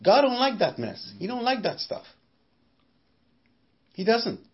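A man's voice: very high-pitched, very animated, measured pace, dull audio. A man preaching a sermon, emphatic, repeating his phrases and firing off rhetorical questions.

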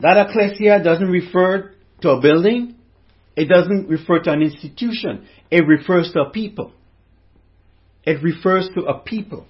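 A man with a high voice preaches a sermon, stopping often to put questions to his listeners. The recording is dull and lo-fi. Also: normal speed. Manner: preaching with rhetorical questions to the congregation. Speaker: pastor.

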